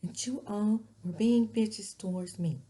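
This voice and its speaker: A woman's voice: mid-range voice, measured pace, dark tone, pitched above the performer's own voice, natural voice. Brief: haughty wealthy woman, boastful and offended, put on by a woman recapping. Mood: indignant. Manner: indignant, boastful. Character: haughty rich woman defending her glam.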